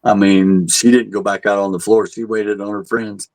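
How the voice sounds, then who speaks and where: A man's voice: lowish voice, flat delivery, moderate pace, a little mellow, dry recording, poor audio. A man working as a tour guide, telling a story casually and animatedly, acting out what people said and chuckling at his own jokes. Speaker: haunted asylum tour guide.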